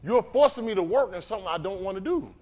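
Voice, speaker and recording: Here a fast-talking man with a high-sitting voice delivers a livestreamed sermon. He keeps it animated and conversational, repeatedly quizzing the congregation.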